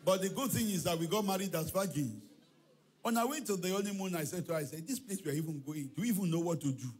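A man's voice: high voice, fast, a little hiss or hum. A male pastor preaching a sermon in a church, telling stories with acted-out dialogue and chanted refrains. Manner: animated storytelling preacher, acts out dialogue, shouts and chants. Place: church hall.

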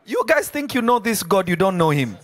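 A man preaching on a podcast, animated and emphatic, asking questions and answering them himself. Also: sits high, a little fast.

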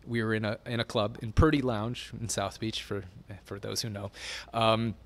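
A man's voice: on the low side, level tone, moderate pace. A middle-aged man telling stories as an interview guest, rambling with many fillers and frequent laughter. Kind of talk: casual storytelling interview.

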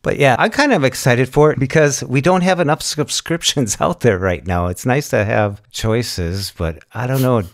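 A man's voice: medium pitch, moderate pace, hardly any pauses. A man hosting a casual tech podcast, chatty and jokey, wry about subscriptions and prices. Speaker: podcast host.

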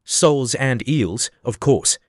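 A man's voice: mid-range voice, lively intonation, moderate pace, dry recording, studio quality, natural voice. A man voicing an impatient, bossy male griffin creature in a storybook reading, with a solemn, matter-of-fact delivery.

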